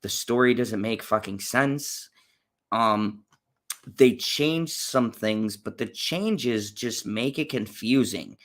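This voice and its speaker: A man's voice: on the low side, slow pace, fairly bright tone. A man hosting a casual movie-review chat, ranting bluntly and profanely with frequent fillers and restarts. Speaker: channel host reviewing movies.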